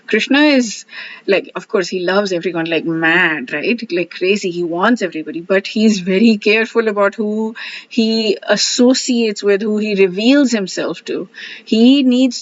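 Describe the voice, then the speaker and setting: A woman's voice: mid-range voice, no room sound. Casual woman host, verse commentary, chatty with fillers, dull lo-fi recording. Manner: chatty, reads quotes, frequent fillers and laughs. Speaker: scripture study host.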